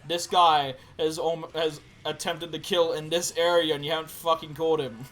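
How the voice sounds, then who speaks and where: A young man co-hosting a podcast, recounting game stories in a casual chat, swearing freely and acting out quotes loudly. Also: a little high, little pitch movement, moderate pace. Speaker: podcast co-host.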